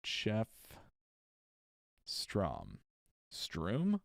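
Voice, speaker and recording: A man's voice: on the low side, sing-song, gravelly, darkish tone, no echo, clean studio sound. A man recording an audiobook on a livestream, reading with retakes and chatting with exasperated asides in between. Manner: reads slowly with retakes, chats with exasperated asides. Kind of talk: casual livestream chat between reading takes.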